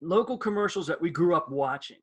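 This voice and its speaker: Husky middle-aged man telling stories. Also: a little high, a little fast. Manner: animated storyteller who acts out quoted voices. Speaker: co-host, former radio producer. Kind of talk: nostalgic casual chat.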